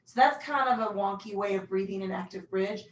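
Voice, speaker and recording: A woman's voice: medium pitch, fairly quick. Woman pilates teacher, casual and self-mocking, recorded far from the mic in a roomy space. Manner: casual, self-deprecating, calm cueing. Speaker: pilates instructor. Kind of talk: guided workout instruction. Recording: echoey room, mic far off.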